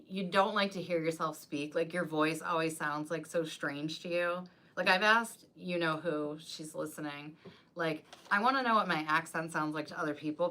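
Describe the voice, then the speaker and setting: A rambling, chatty woman speaks on a casual live stream about her craft business. Her voice sits a little low for a woman but comes out bright and forceful. She strings her thoughts together loosely and leans on "like" throughout. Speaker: wreath designer and business coach.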